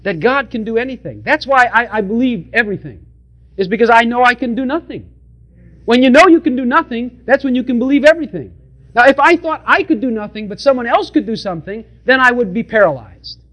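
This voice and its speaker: A high-voiced man preaching a sermon. He is emphatic and direct with his congregation and hammers his points home through repetition. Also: fairly bright tone.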